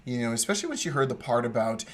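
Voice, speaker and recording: Male podcast co-host, animated storyteller, mid-pitched. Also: rapid-fire. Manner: animated storyteller, acts out quoted voices. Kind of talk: casual storytelling chat.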